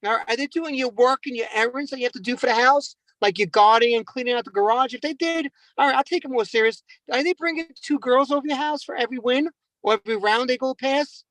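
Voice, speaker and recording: A man's voice: very high voice, fast, fairly bright tone, dry recording, rough recording. A man doing stand-up comedy, rambling and mocking himself, often calling the crowd "guys".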